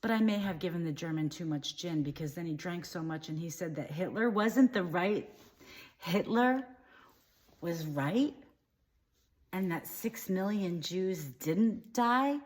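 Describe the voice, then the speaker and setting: A woman playing a naive, opinionated young woman in a comedic monologue, rambling chattily in a deadpan way. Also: fairly low pitch, measured pace, pauses often. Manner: free-associating, chatty, deadpan.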